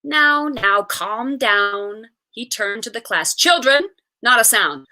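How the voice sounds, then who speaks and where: A woman reading a story aloud, voicing a stern, theatrical male schoolteacher who talks in a brisk, commanding way. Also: a little high, animated, bright, forceful tone, full character voice.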